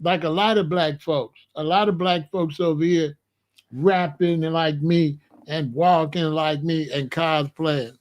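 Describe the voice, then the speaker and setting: A man hosts a casual live stream. His voice sits high for a man. He talks in an animated way, laughs between points and calls out viewers by name. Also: a little slow. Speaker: host of a live call-in show.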